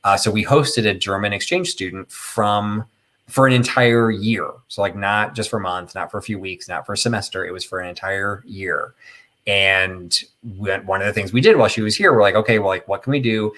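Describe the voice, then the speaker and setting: A man's voice: fairly low pitch, fairly quick, a bit bright. A middle-aged man hosting a casual live chat, telling a rambling, opinionated story full of fillers and tangents. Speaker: host of a live chat stream.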